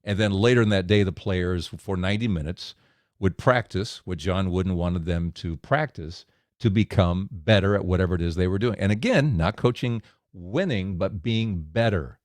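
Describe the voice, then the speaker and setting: A man giving a devotional message for men, storytelling with lively acted-out quotes. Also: low voice, normal speed, dry recording, clean studio sound. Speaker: speaker of a men's devotional.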